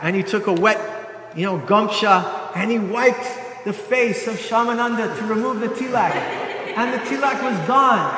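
A male preacher telling a devotional story in an animated way, acting out the quotes. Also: high voice. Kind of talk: storytelling sermon. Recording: echoey hall.

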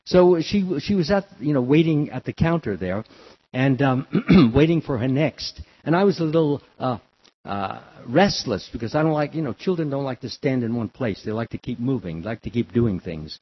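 Lively, husky-voiced older man telling a story. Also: moderate pace. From the Bronx, New York. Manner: animated storyteller who acts out children's cries in a high voice. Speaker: devotional speaker. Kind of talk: storytelling sermon. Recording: dull lo-fi recording.

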